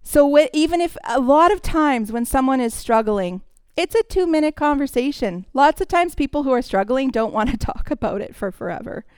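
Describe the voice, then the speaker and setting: Woman giving a chatty sermon, clear smooth voice, bit high. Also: expressive, moderate pace, no room sound. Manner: warm, conversational teaching with acted quotes. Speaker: speaker in a church service.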